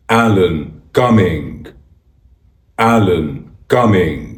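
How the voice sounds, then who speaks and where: A man leads a pronunciation tutorial, repeating each word slowly and deliberately. His voice sits low and his delivery is unhurried to the extreme. The recording carries a roomy echo. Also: animated. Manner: slow, deliberate repetition of a name.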